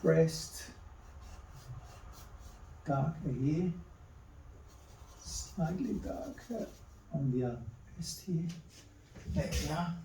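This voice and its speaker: A man's voice: fairly high pitch, expressive, extremely slow, vocal fry, long pauses, warm tone, slight background noise. Male artist narrating a drawing demo; terse step-by-step remarks, far off in an echoey room. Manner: terse murmured step-by-step remarks while working. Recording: echoey room, distant mic.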